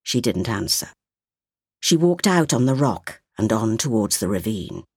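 A woman with a low, slightly husky voice reads a story aloud at an unhurried pace. Her pitch moves widely as she tells it. The sound is dry and close. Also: big pitch swings, darkish tone, dry recording. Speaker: narrator. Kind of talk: storybook reading.

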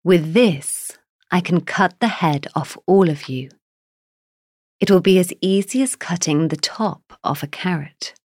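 A woman's voice: fairly low pitch, a little slow, a little mellow, no room sound, studio quality. A woman voicing a boastful, brutish male giant who bellows threats at his listeners.

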